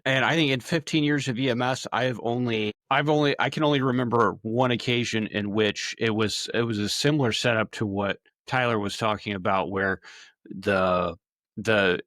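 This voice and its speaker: A man co-hosting a podcast, talking in a relaxed way and thinking aloud with restarts. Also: mid-range voice, dry recording. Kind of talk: casual interview chat.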